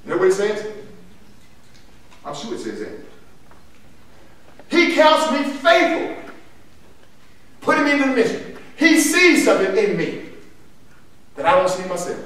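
A high, animated male pastor, preaching call-and-response style in a church. He repeats his lines for emphasis. The sound is echoey and picked up from far off, with some noise behind. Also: a little slow, pauses often. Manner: emphatic, repeats phrases, laughs between points. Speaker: pastor leading a Bible lesson. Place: church sanctuary.

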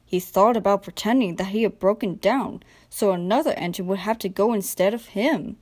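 A young woman narrating a children's train storybook in a gentle, expressive read-aloud manner. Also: medium pitch, fairly quick. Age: young adult. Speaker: storybook reader.

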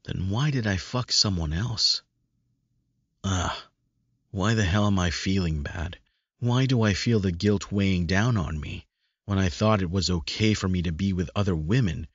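A man narrates a first-person audiobook with a brooding, searching manner. His voice is deep and husky. The recording sounds dry and dull, with no room around it. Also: dry recording.

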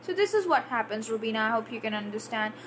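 Woman english teacher on a live stream, answers comments, acts out words to show how they sound, high voice. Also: lively intonation, fast, a bit bright, slight background noise. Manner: chatty, reads out viewer comments and answers them; demonstrates pronunciation by exaggerating words. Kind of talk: live Q&A lesson.

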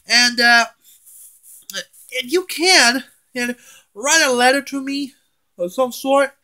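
A man's voice: very high-pitched, sharp tone. A man ranting in a casual home vlog, angry and swearing, often stammering and restarting his words. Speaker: vlogger. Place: at home, indoors.

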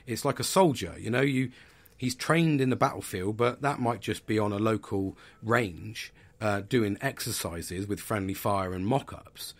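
A man's voice: lowish voice, expressive, moderate pace. A man in his thirties hosting a podcast, talking candidly and bluntly about stress, swearing and restarting his sentences. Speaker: podcast host. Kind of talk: candid personal talk on mental health.

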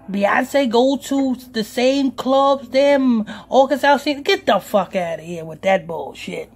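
A man's voice: extremely high pitch, a little mellow. A man hosting a talk radio show as pastor, ranting emphatically with profanity.

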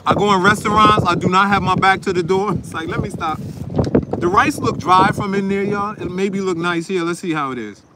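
Fairly quick and high-voiced, this Newark, New Jersey vlogger chats directly to his audience between bites for a casual food vlog. Slightly sniffly, he's filming outdoors in a windy parking lot where faint wind noise can be heard.

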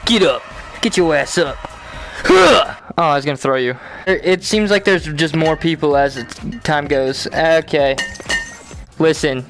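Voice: mid-range voice, measured pace, a bit bright, faint music behind. A gamer giving casual commentary over a virtual reality game, trash-talking the opponents playfully, swearing a lot and giggling. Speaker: gamer playing a VR brawling game.

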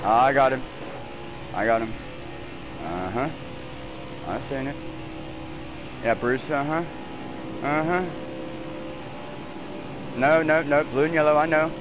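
Here a man with a mid-range voice speaks slowly and steadily, leaving long pauses, while he heatedly trash-talks and swears at teammates during an online race. He's on a headset at home, with background noise audible.

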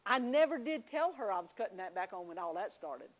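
A woman's voice: mid-range voice, sing-song, a little fast, low-quality recording. A woman teaching a church class, telling homey stories with confiding asides. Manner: folksy storytelling, confiding asides.

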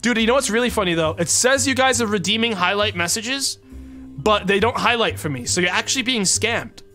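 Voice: mid-range voice, lively intonation, fairly quick, bright, forceful tone, faint music behind. Joking streamer chatting to viewers. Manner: joking, rambling asides to chat. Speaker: game streamer. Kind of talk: casual live-stream chat.

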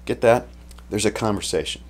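A pastor with a lowish voice delivers a sermon at a fairly quick clip, casually retelling the story in a relaxed, conversational manner and frequently restarting his sentences.

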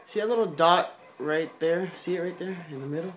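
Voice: medium pitch, fairly quick, a little hiss or hum. A vlogger talking casually and offhandedly while filming their bedroom, rambling and goofy, on a handheld camera. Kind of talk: casual rambling home video.

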